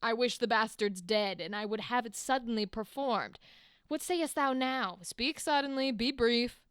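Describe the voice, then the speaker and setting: A woman reading a scheming male king's lines aloud from a play, slow and deliberate. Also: a little high, fairly bright tone, clean tone, dry recording, studio quality. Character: scheming male king plotting murders.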